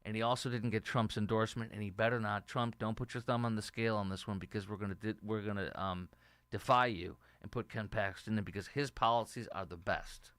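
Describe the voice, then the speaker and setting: A middle-aged man hosts his own political talk show and rambles through opinionated commentary while reading out viewer comments. His voice is smooth and resonant. The sound is dry and close, with no room echo. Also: fairly low pitch, steady tone, a little fast, a bit bright.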